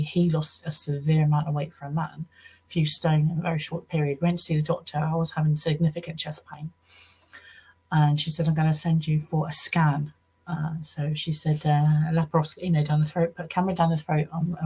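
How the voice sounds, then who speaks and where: Interview guest: English woman, middle-aged, gravelly low voice, rambling storyteller who acts out every quote. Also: darkish tone, poor audio. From southern England. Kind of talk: personal testimony in an interview.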